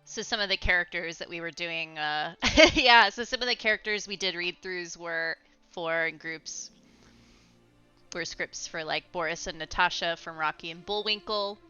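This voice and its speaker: A young woman streaming from home, chatting casually and rambling while she plays a game, quick to laugh. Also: on the low side, sharp tone, smooth. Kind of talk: casual gaming stream chat. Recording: slightly muffled, faint music behind.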